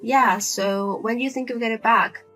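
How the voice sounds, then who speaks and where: Woman playing a grown daughter, low, quiet, blunt, cold, lecturing, family drama. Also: steady tone, normal speed, soft background music. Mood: firm, exasperated. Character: single adult daughter, firm and exasperated.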